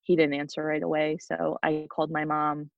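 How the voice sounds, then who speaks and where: Flat, gravelly young woman recounting a loss. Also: low voice, no echo. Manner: halting, with frequent restarts. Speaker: podcast guest. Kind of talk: personal storytelling. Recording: dull lo-fi dry sound.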